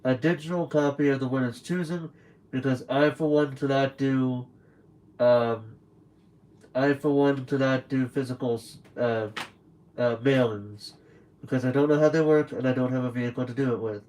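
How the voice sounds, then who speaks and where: A man's voice: medium pitch, steady tone, normal speed, darkish tone, low-quality recording. A young man streaming from home late at night, rambling through a casual story and acting out what other people said. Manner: rambling storyteller who acts out quoted people.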